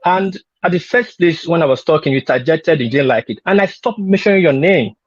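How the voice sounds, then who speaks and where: Man, panel guest, insistent, repeats himself, husky, dull lo-fi sound. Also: a little high, expressive, fairly quick, no echo. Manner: insistent, repetitive, talks over interruptions. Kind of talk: heated online panel talk. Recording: lo-fi call audio.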